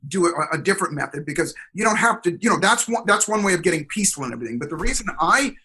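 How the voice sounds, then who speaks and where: Bright husky-voiced energetic man. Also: sits high, very fast, rough recording. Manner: energetic, expressive, acts out dialogue. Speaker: guest, performance coach. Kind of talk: animated storytelling interview.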